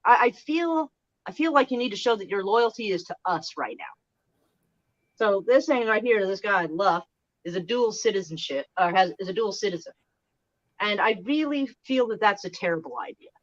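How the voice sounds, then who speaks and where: A woman's voice: mid-range voice, lively intonation, normal speed, dull audio. A woman chatting casually on a live stream, frank and rambling, often trailing off and restarting her thoughts. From Oklahoma.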